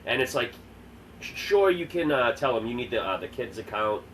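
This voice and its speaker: A man co-hosting a podcast in casual chat, joking and swearing through rapid-fire banter. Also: medium pitch, animated, fairly bright tone, far from the mic, slight background noise, low-quality recording. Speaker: podcast co-host.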